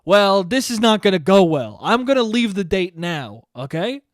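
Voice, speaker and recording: Young male podcast host, high-pitched, swears a lot, rambles and mocks himself, dry close recording. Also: very animated, moderate pace, dry recording. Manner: profane, rambling, self-mocking. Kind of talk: casual solo podcast chat.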